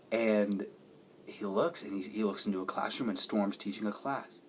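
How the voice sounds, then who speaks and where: A man's voice: lowish voice, fairly even intonation, brisk, slight background noise. A man giving a casual movie review, eagerly retelling the plot in a rambling way.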